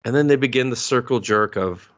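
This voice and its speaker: A man co-hosting a casual podcast, riffing crudely with lots of swearing and quick put-on quotes. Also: mid-range voice. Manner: crude, profane, mocks scenes with put-on quotes. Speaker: podcast co-host.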